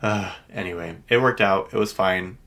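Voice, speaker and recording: A man's voice: low voice, moderate pace, fairly bright tone. A young man chatting casually on a podcast, telling stories in a rambling way and launching into exasperated rants. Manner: chatty storytelling, exasperated rants with mock-indignant quoted outbursts. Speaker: podcast co-host. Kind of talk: casual chat.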